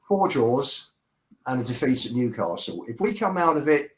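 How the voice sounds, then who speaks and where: Mid-range man, measured, steady panelist. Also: mid-range voice, rough recording. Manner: measured, predicting results. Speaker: fan podcast panelist. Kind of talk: casual football debate.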